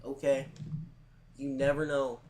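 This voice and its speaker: A man's voice: medium pitch, monotone, slow, darkish tone, faint music behind, poor audio. A man talking casually to his livestream chat, rambling with lots of "like" and repeated words, earnest and close to tears at times. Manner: rambling, heavy use of "like", repeats himself.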